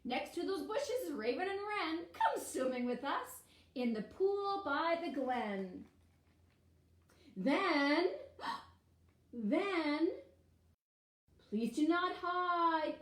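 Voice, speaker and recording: A woman's voice: very high-pitched, sing-song, drawn-out words, pauses often, reverberant, full character voice. A woman voicing a friendly, curious bear in a storybook read-aloud, eager and coaxing in a sing-song way. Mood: welcoming.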